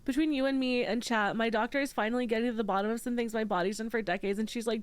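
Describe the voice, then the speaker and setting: A woman's voice: on the high side, animated, quick pace, a bit bright. A young woman streaming from home and chatting with her viewers, tearful and close to crying, swearing freely as she reads and answers chat at a desk microphone. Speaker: VTuber streamer. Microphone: desk microphone with headphones.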